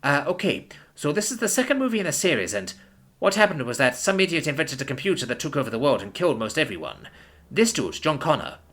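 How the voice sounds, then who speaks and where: A man's voice: fairly high pitch, very animated, fast, fairly bright tone, voice pushed up, exaggerated voice. A man voicing an eager young soldier rambling through a summary.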